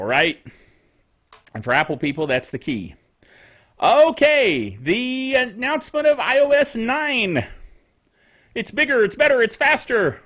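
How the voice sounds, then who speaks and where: A man's voice: high voice, fairly bright tone. A middle-aged man hosting a tech netcast, rambling and chatty with frequent self-amused chuckles. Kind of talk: casual tech news commentary.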